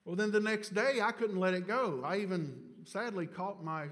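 Middle-aged male preacher, tells stories then builds to fervent exhortation; a slightly high voice ringing through a large sanctuary. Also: normal speed. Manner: storytelling, swings from hushed confession to loud exhortation. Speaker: pastor. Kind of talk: sermon with personal story. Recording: long church reverb.

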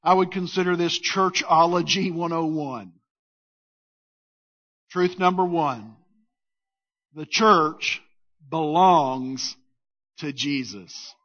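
A man preaching a sermon as pastor, emphatic, leading the congregation in call-and-response and pressing his points in slow, weighty phrases. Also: a little high, fairly bright tone. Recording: dull lo-fi sound.

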